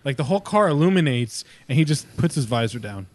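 A man's voice: medium pitch, sing-song, quick pace, no echo. A man co-hosting a casual podcast, swearing and laughing as he tells a story. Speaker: co-host.

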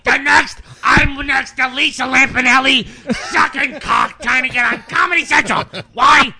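A man doing a shrieking, nasal impression of a middle-aged male comedian, yelling every line. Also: very high voice, steady tone, normal speed, vocal fry, pitched above the performer's own voice, full character voice. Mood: whiny. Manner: yells every line in a grating whine. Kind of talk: casual chat.

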